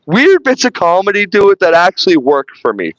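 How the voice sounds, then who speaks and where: A man's voice: sits high, very animated, fairly quick, no room sound, rough recording. A man hosting a podcast, retelling film scenes in casual, rambling chat full of restarts and swearing. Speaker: podcast host reviewing a film.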